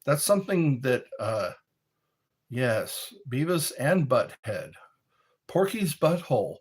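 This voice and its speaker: Man, casual streamer chat, slow, husky, lively pitch, jokey and rambling. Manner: rambling, jokey, reads questions aloud and answers them.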